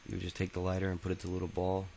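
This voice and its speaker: A man's voice: low-pitched, completely flat delivery, rapid-fire, creaky, mellow, a little hiss or hum, rough recording. A man telling his own life story in a casual, rambling way, swearing freely and stopping often for fillers and restarts. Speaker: autobiography narrator. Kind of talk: casual spoken memoir.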